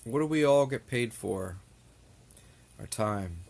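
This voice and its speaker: In a very noisy recording, a young male vlogger speaks slowly in a gravelly, expressive, mid-range voice. He's ranting to camera, exasperated and annoyed, rambling on and repeating himself.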